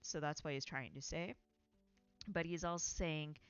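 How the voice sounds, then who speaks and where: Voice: mid-range voice, fairly even intonation, moderate pace, long pauses, fairly bright tone, smooth, muffled recording, soft background music. Rambling writer chatting about their story. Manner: rambling, self-correcting, with frequent fillers and laughs. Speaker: writing stream host. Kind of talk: casual chat about own writing.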